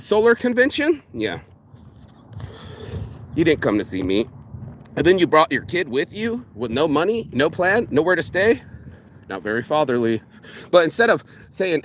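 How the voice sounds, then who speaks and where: A fired-up man vents straight to camera, his voice sitting a little high. He lurches from loud, mocking impressions to low, menacing mutters, swearing freely. A faint hum of room noise sits behind him. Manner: animated, profane, swings between loud mocking quotes and low intense asides. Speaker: vlogger. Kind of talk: casual ranting monologue.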